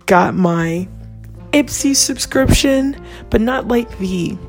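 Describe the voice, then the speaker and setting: A woman makeup vlogger talking casually, excitable and gushing, drifting into motivational pep talk. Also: on the high side, slow, faint music behind. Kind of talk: casual rambling vlog.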